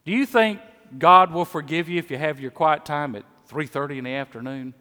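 Middle-aged Southern preacher, fairly high voice, folksy sermon, long echo of a big church hall. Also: male voice, brisk, pushed and bright. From Mississippi. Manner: conversational, repeats words when starting a sentence. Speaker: pastor. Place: church sanctuary.

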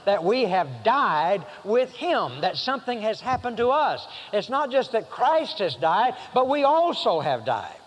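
Male preacher, high pitch, rambling then emphatic, long hall reverb. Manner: rambling, many fillers and restarts, rising to emphatic passages. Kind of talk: sermon.

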